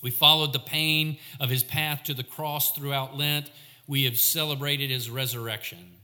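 A man preaching a sermon in a church, measured and reflective, slowing down for emphasis. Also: mid-range voice, steady tone, sharp tone, long reverb tail. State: coughing, clearing throat.

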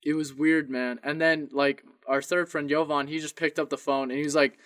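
A young man co-hosting a casual podcast, telling a story in an animated way, swearing and laughing often. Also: fairly high pitch, normal speed, slight background noise. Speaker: podcast co-host.

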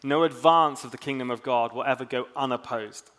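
A man's voice: mid-range voice, fairly quick, a bit bright. A man preaching a sermon in a casual, chatty way, with self-mocking humor. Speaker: pastor.

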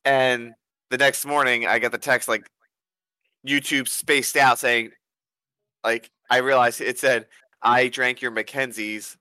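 A man co-hosting a casual podcast, telling a story in an animated way. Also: medium pitch, unhurried, dry recording. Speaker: podcast co-host.

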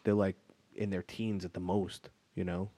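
A man hosting a casual chat, an animated storyteller who laughs often. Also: low voice, normal speed, dry recording.

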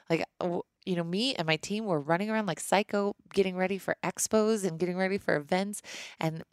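A woman's voice: medium pitch, fast, no echo, studio quality. A woman in her thirties hosting a podcast, chatting candidly and rambling through listener questions with many restarts. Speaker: podcast host. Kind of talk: casual chat answering listener questions.

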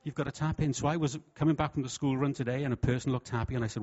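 A man preaching a sermon with humour, lively and jokey, slipping into voices for quotes. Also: mid-range voice, rapid-fire, few pauses. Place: church hall. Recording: dull, lo-fi sound.

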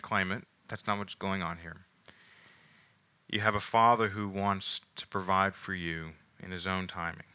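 A man preaching a sermon as pastor, mixing casual asides with emphatic scripture reading that slows and stresses key words. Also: on the low side, pushed and bright. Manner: emphatic, rising and falling with slowed stresses.

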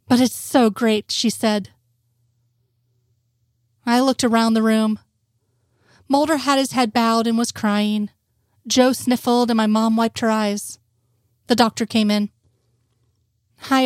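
A woman narrating a fan fiction story in a steady, soft-spoken reading. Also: a little high, no echo, studio quality. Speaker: audiobook narrator.

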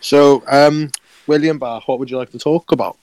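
A podcast co-host chats casually in a mid-range, slightly mellow voice with fairly even intonation and a moderate pace. He laughs often and corrects himself mid-sentence.

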